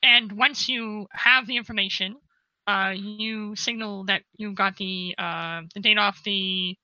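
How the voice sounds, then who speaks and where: A woman's voice: mid-range voice, steady tone, a little slow, pushed and bright, no room sound, lo-fi sound. A woman game master narrating a tabletop game in a casual way, with fillers.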